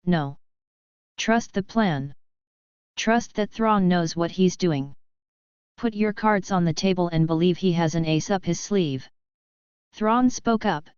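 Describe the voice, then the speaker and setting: Woman storyteller, steady reading, lowish voice, dry and slightly muffled. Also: normal speed, smooth, no echo. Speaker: narrator. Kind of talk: reading a fan fiction story.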